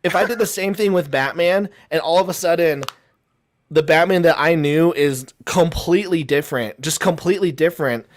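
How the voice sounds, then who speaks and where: Rambling, animated man arguing. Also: a little high, normal speed. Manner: rambling, many restarts, animated. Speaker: guest. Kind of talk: heated casual debate.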